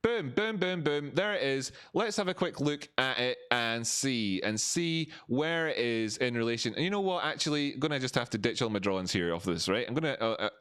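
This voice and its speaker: A man's voice: fairly quick, few pauses, clean tone. A man hosting a live stock-chart stream, ranting to his viewers with profanity and lots of repetition. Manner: animated, rising in pitch for emphasis; repeats phrases, talks to viewers as family. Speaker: livestream market analyst.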